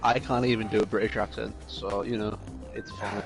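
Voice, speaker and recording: A man's voice: fairly low pitch, level tone, fairly quick, over music. A man co-commentating a racing stream in casual chat, with dry, easygoing banter.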